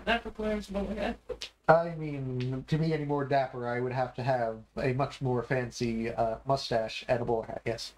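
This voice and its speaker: A man streaming a game, casually reading narration aloud with wry asides and quick self-corrections. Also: medium pitch, steady tone, slight background noise.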